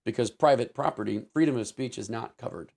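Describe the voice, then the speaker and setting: A man's voice: medium pitch, brisk, vocal fry, a little mellow. A man co-hosts a casual talk show and laughs easily. He makes sarcastic asides, then lays out the details one step at a time. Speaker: co-host.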